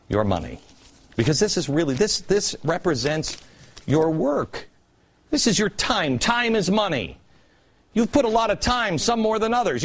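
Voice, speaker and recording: Sounding like a TV commentary host working through a prepared rant, a man in his forties delivers a political monologue. His pitch leaps up and down as he tosses out sarcastic rhetorical questions.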